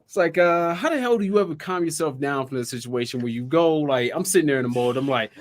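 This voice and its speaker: A man co-hosting a casual podcast chat, swearing freely and acting out his own thoughts in an animated way. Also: medium pitch, a little fast, hardly any pauses. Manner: profane, animated, acts out his own inner voice. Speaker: podcast co-host.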